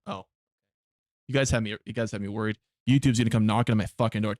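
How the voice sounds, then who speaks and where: A man's voice: on the low side, fairly even intonation, fast, a little mellow, dry recording, studio quality. A man streaming a game live, chatting casually with his viewers in blunt, heavily profane rants. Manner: blunt, profane ranting to chat.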